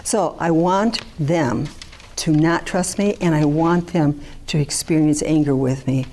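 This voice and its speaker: A woman's voice: low voice, measured pace, mellow. An older woman, a therapist, giving a candid talk to an audience and mixing in personal asides. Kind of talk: lecture to an audience.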